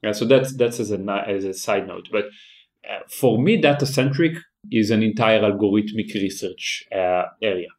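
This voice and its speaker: Guest: low-pitched man, halting explainer, repeats words. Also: a little mellow. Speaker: guest, AI company founder. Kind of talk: technical interview talk.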